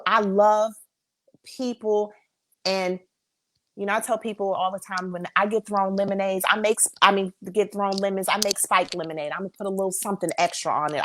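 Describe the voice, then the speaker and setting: Female guest, somewhat low voice, earnest and emphatic, faith-driven delivery. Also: fairly bright tone, a little hiss or hum. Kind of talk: interview answers.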